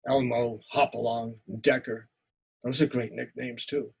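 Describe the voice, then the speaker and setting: A man teaching a writing lecture who reads his own memoir story aloud, expressive and repeating words in tense moments. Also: mid-range voice, measured pace, creaky, slightly rough.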